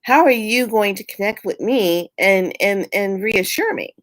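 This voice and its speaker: A woman from California talking casually to her viewers, outspoken and animated. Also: unhurried. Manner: animated, outspoken, jumps up in pitch when worked up. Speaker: spiritual vlogger. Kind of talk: casual chat to camera.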